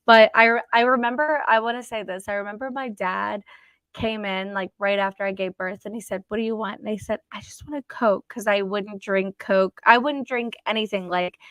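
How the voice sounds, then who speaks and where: Young woman guest, smooth clear voice, dry close sound, blunt and profane storyteller. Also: mid-range voice, fairly even intonation, normal speed, a bit bright, no room sound. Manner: blunt, swears freely, acts out quotes. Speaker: guest telling her story. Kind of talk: casual interview chat.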